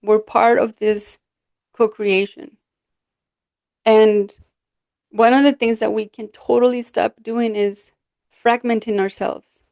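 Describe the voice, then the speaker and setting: A woman coach talks through her solo podcast in an earnest, expressive manner, now and then acting out what others have said. Her voice sits on the higher side, and the recording is dry and close with almost no room sound. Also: slow, long pauses, no room sound. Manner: expressive, earnest, with quoted asides. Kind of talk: reflective solo podcast talk.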